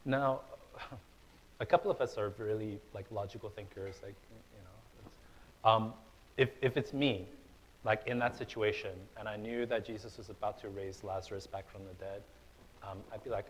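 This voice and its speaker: A young man preaching a sermon in a church, conversational and relaxed, with fillers and restarts, rising to loud, emphatic stretches. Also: lowish voice, normal speed, slight background noise, low-quality recording. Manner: casual, conversational preaching with fillers and repeated starts; builds to loud, emphatic passages. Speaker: pastor. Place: church hall.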